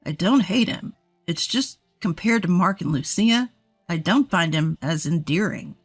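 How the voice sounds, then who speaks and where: A woman's voice: fairly low pitch, animated, a little slow, slightly rough, faint music behind, pitched below the performer's own voice. A woman voicing a cold, dismissive adult husband and father who speaks curtly and with irritation. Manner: curt and irritated.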